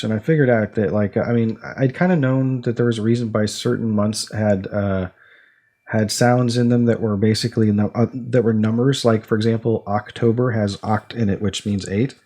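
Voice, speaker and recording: On a casual podcast, a young male co-host explains things by quizzing his co-host, rambling with plenty of restarts and fillers. His voice is medium-pitched and mellow, with fairly even intonation at normal speed.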